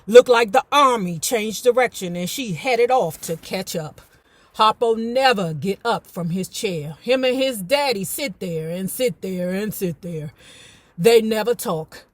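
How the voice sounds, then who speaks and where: A woman hosting a book club, reading a novel aloud and breaking off into animated, slangy, profane commentary. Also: mid-range voice, measured pace, no room sound. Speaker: YouTuber and book club host.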